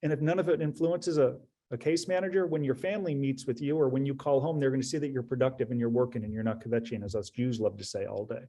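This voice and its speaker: A man's voice: mid-range voice, fairly even intonation, quick pace, few pauses, warm tone. A man advising an audience in a webinar talk, direct and emphatic, often repeating his key phrases. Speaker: prison preparation advisor.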